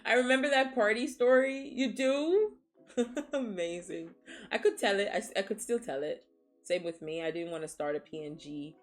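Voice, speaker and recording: A woman's voice: medium pitch, moderate pace, faint music behind. A woman streamer from Nigeria in casual chat, frank and swearing freely, laughing often as she reads chat, sniffling after crying.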